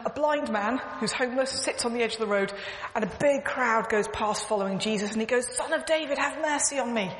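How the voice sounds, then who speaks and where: A woman's voice: fairly high pitch, a bit bright. A woman giving an earnest, emphatic sermon, repeating phrases as she tells stories. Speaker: church speaker. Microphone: clip-on mic, echoing. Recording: echoey hall, faint background noise.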